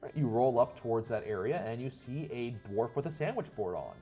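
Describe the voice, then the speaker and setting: A man's voice: medium pitch, lively intonation, fairly quick, mellow, faint music behind. Man narrating as game master. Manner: descriptive, rambling, with restarts.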